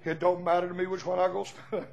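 A man preaching a revival sermon, folksy storytelling that bursts into shouts. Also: sits high, little pitch movement, normal speed, creaky, muffled recording.

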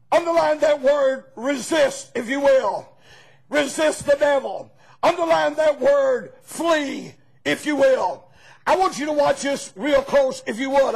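A man preaching a fervent sermon as pastor, breaking into shouts and calling on the congregation for amens. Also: very high voice, creaky, low-quality recording.

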